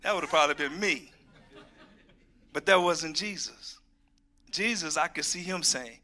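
A man's voice: a little high, a little slow. A middle-aged man preaching a sermon, reading scripture and joking folksily with his congregation. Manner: folksy and animated, reads scripture, jokes with the congregation.

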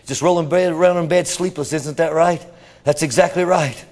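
A man preaching a revival sermon, swinging between shouting and hushed whispers. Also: a little high, fairly even intonation, moderate pace, in a large hall. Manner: addresses congregation members as brother. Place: church.

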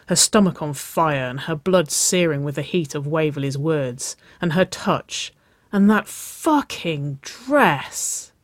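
A reader narrating a romance story in a slow, soft, intimate way. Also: mid-range voice, no room sound. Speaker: audiobook reader.

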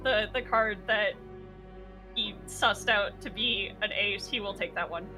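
A woman's voice: medium pitch, measured pace, over music. A woman playing a tabletop role-play game who talks casually and swears now and then as she works out her character's choices. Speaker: player.

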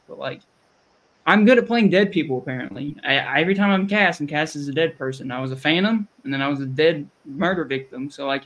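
A man's voice: fairly high pitch, fairly bright tone. A man with a Southern US accent hosting a podcast, rambling and chatty, often restarting his sentences. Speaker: podcast host. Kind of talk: casual chat.

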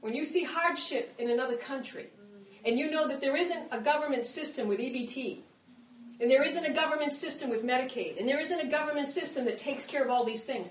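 A middle-aged woman delivers an impassioned, conversational sermon, slipping into the voices of people praying. Her voice sits a little high for a woman. She is picked up from some distance in a reverberant hall with faint ambient noise. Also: a little fast. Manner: impassioned, conversational, acts out quoted prayers. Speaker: preacher. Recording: echoey room, mic at a distance.

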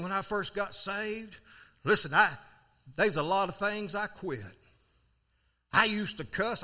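An older preacher with a high, bright, ringing voice. His pitch swings widely as he spins a folksy story from the pulpit, breaking into sudden loud cries. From South Florida. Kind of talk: storytelling sermon.

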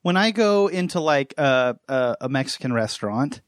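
A man hosting a podcast, chatting in a halting way and laughing between phrases. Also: medium pitch, lively intonation, no room sound, clean studio sound. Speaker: podcast host. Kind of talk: casual chat.

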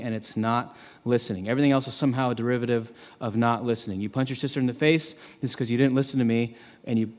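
A man in his thirties preaching a sermon as pastor, turning loud and emphatic when he quotes scripture. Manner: emphatic, loud and high when quoting God. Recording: long reverb of a large hall.

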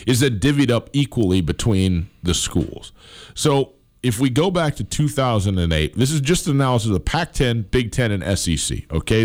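A man's voice: on the low side, a little mellow. A middle-aged man hosting a sports talk show, rambling with fillers and restarts, a bit stuffed up from allergies.

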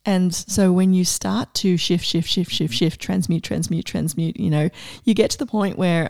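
A middle-aged woman coach giving a casual, enthusiastic inspirational talk, animated and laughing often. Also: fairly low pitch, a little slow, creaky, no echo, clean studio sound.

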